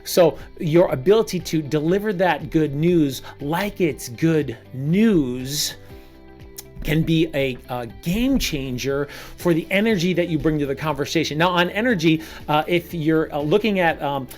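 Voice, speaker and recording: A man coaching salespeople in an energetic video lesson. He talks standing up, projects energy on purpose and repeats short punchy phrases. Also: fairly high pitch, unhurried, soft background music. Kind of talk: energetic coaching monologue to camera.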